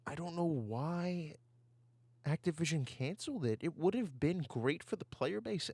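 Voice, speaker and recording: A man's voice: medium pitch, dry recording. A man ranting over gameplay footage on a desk mic, heated and given to repeating himself. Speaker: gaming YouTuber. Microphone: desktop mic.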